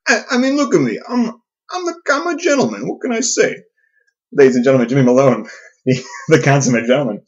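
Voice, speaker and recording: Guy putting on a pushy loudmouth buddy voice, higher and louder, hypes sports, dull lo-fi sound. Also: very animated, fast talker, breathy edge. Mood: worked up. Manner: boastful, gets worked up, repeats for emphasis. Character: brash loudmouth male sports-fan buddy.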